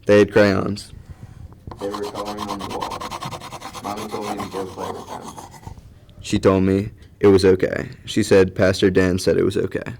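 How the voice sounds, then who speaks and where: A man voicing a grown woman who recounts a disaster in simple, halting, childlike sentences. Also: low voice, monotone, darkish tone, a little hiss or hum. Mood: flat recollection. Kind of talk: audio drama acting.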